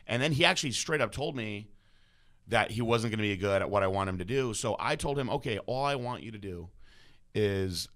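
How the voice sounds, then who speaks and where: A man's voice: on the low side, fairly quick. A man hosting a podcast interview, telling long stories with lots of swearing and restarts. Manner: animated, swears often, stumbles and restarts. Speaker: podcast host. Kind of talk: casual storytelling interview.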